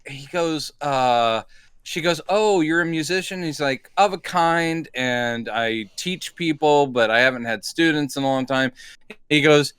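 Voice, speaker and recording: A man's voice: fairly high pitch, a little slow, fairly bright tone, clean tone, dry recording. A man co-hosting a comedy podcast, recapping a movie with wry remarks and mock-polite impressions of the characters. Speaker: podcast co-host.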